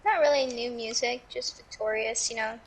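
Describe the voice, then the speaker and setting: A woman's voice: on the high side, fairly even intonation, normal speed, a little hiss or hum. A teenage girl co-hosting a casual podcast chat, blunt and slangy.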